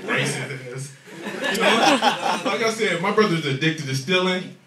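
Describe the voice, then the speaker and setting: Animated stand-up comic in echoey club. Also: male voice, high-pitched, measured pace. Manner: animated, profane storytelling with shouted punchlines. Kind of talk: stand-up comedy set. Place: comedy club stage with a loud audience. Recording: echoey club audio recorded from a distance. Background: loud crowd laughter.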